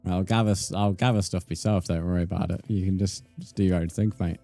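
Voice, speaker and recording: A man's voice: sits low, steady tone, fast, vocal fry, mellow, soft background music. Laid-back man streaming games. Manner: laid-back, chatty, calls viewers mate. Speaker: game streamer. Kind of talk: casual livestream chat while playing.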